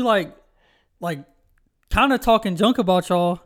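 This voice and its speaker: A young man with a slightly high voice chats casually as a podcast co-host. He rambles through stories, leaning on fillers and restarts. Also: moderate pace, a bit bright. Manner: rambling storytelling with many fillers. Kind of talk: casual chat.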